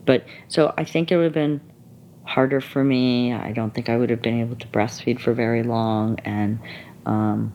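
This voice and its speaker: A woman guest talking candidly in conversation, animated, laughing often and acting out the people she quotes. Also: a bass voice, moderate pace, lo-fi sound, slight background noise.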